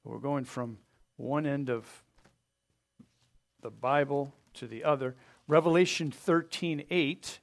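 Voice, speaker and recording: A man pastor preaching a sermon, earnest, pressing his points hard and then letting them fall soft. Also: medium pitch, steady tone, takes it slowly, gravelly, long pauses. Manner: earnest preaching with rising emphasis and soft drop-offs; asks the congregation to open their Bibles.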